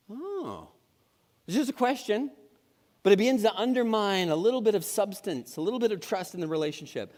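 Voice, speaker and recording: A middle-aged man preaching a sermon with a higher-than-usual voice. He talks casually and jokes, restarting his phrases often, and his voice hangs in the long reverb of a church sanctuary. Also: expressive, brisk, a little mellow. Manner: conversational, humorous, with frequent restarts. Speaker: pastor.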